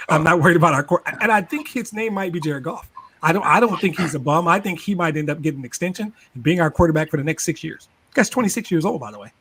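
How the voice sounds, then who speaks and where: A man with a somewhat high speaking voice breaks down a football draft in casual podcast talk. He gets animated, laughs often and stumbles over repeated words as he builds his case. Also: fast talker, slightly rough. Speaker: sports talk show regular. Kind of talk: casual sports podcast chat.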